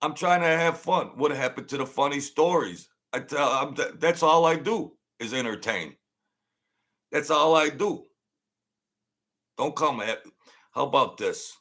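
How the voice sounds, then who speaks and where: A middle-aged man rants on a livestream in a slow, deliberate drawl, repeating his jabs and answering chat. His voice is bright and forceful, with a sharp, mocking edge. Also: on the high side. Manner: blunt, mocking, repetitive, rants loudly then laughs. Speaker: channel host. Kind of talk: livestream commentary reading chat.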